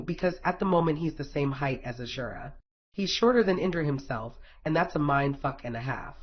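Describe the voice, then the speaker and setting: A man's voice: fairly high pitch, animated, a little fast. A man reading a fan fiction story aloud in a wry, casual storytelling manner. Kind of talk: audiobook narration. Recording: dull lo-fi recording.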